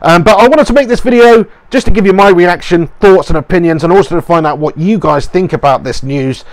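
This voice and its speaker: A man's voice: sits high, a little fast, no echo. Opinionated man with a dry sound. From England. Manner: opinionated, rambling with fillers. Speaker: YouTube channel host. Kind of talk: casual reaction commentary.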